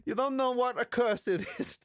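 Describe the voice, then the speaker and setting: A man's voice: very high-pitched, moderate pace, no echo, clean studio sound, pitched above the performer's own voice. A man voicing a brash adult wise guy in a put-on Brooklyn accent, jokey and repeating catchphrases. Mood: goofy bragging.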